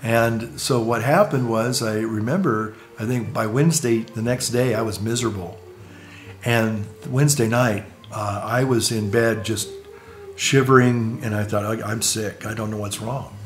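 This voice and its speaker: A man's voice: lowish voice, fairly even intonation, a little slow, faint music behind. A male priest telling a personal story in a casual, rambling way, repeating words and chuckling between phrases.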